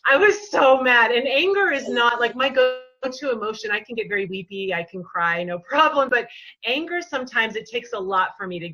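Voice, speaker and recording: Bright, animated woman telling stories. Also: fairly high pitch, moderate pace, rough recording. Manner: animated, storytelling, laughs often. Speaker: yoga teacher. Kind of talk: casual interview chat.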